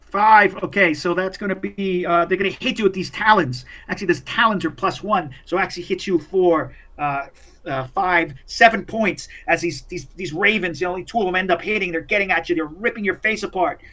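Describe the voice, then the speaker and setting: A man running a tabletop game as game master, narrating in a halting, rambling way full of restarts. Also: high voice, sharp tone.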